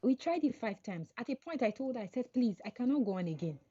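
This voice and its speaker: Woman guest, lively storyteller, raspy and somewhat high, dull lo-fi call audio. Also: fast talker. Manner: animated storytelling, acts out quoted dialogue. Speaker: podcast guest, coach. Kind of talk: casual interview chat.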